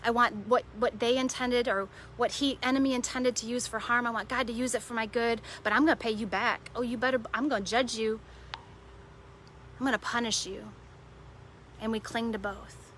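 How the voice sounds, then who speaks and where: A woman's voice: a little high, steady tone, normal speed, fairly bright tone, a little hiss or hum. A woman preaching a devotional sermon in an earnest way, repeating short phrases for emphasis.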